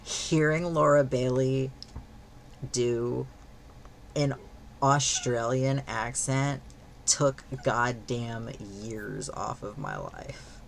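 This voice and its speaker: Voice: mid-range voice, very animated, very slow, vocal fry, a little hiss or hum. A streamer chatting casually while gaming, rambling with lots of fillers and freely swearing.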